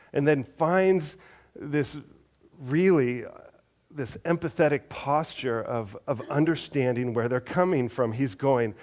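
A man's voice: medium pitch, measured pace, darkish tone. A man reading scripture aloud and then preaching in a conversational way, often restarting his words. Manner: conversational, with frequent repeated restarts.

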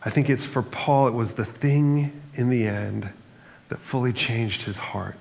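In a church sanctuary, a male pastor speaks a little slowly in a mid-range, creaky, slightly mellow voice. His sermon is earnest and reflective with brief moments of humor, and it ends in prayer. Church hall reverb and faint noise color the recording.

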